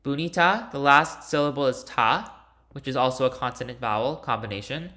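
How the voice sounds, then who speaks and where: Bright-voiced man explaining step by step. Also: medium pitch, a little fast. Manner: explains step by step, with fillers and restarts. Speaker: linguistics instructor. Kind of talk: recorded lecture walkthrough.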